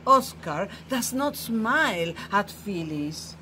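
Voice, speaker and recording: A woman reading a picture book aloud to children, slow and expressive, dropping to a hushed, tender tone in the quiet passages. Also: medium pitch, slight background noise. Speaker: storyteller. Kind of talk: children's story read-aloud.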